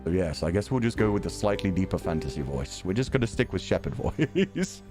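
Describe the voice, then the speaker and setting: A man's voice: low-pitched, sing-song, brisk, over music. A man casually commentating while he streams a fantasy tavern game, swearing freely and laughing often.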